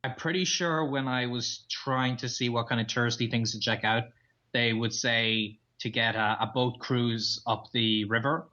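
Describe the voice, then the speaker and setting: A man's voice: medium pitch, steady tone, normal speed, bright, forceful tone. An Irish man chatting enthusiastically as a podcast guest, telling stories from his travels. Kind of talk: casual interview chat. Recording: dull lo-fi sound.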